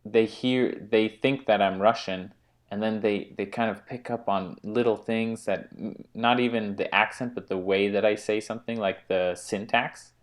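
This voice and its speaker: A man co-hosting a casual chat, often pausing and restarting his sentences. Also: lowish voice, steady tone. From United States. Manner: halting, with frequent restarts and fillers. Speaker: co-host.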